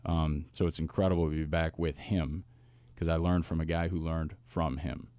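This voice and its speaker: A man, a football coach, telling stories in a casual interview with lively asides and restarts. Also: rumbling low, dry recording. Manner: animated storyteller, quick asides and restarts. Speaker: wide receivers coach, guest.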